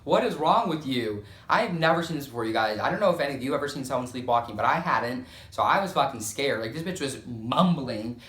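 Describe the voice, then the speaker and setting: Young dude telling a crazy story, swears a lot, says like constantly, kinda echoey room. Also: male voice, mid-range voice, animated, fast, hardly any pauses, fairly bright tone. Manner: profane, dramatic, filler-heavy storytelling. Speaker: storytime vlogger. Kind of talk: casual storytime.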